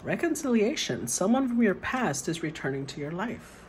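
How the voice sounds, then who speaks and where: A woman's voice: mid-range voice, sing-song, moderate pace, poor audio. Woman, tarot reader, casual reading, reads card meanings aloud, faint background hiss.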